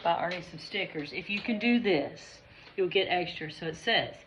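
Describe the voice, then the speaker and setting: A woman's voice: lowish voice, normal speed, fairly bright tone, a little hiss or hum, poor audio. A woman piano teacher giving a patient, chatty recorded lesson, singing the note names along as she plays. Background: piano playing.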